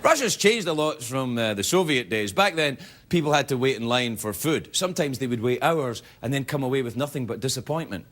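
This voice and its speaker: Animated male talk show host, joking. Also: mid-range voice, fairly quick, hardly any pauses. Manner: animated, joking, self-mocking asides. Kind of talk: comedy monologue. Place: TV studio with a live audience. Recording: loud studio audience laughter.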